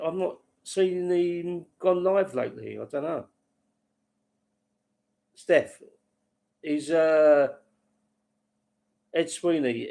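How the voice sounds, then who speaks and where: A man hosting a laid-back late-night livestream rambles to viewers by name and cracks himself up with his stories. His voice is a little high and darkish, with vocal fry.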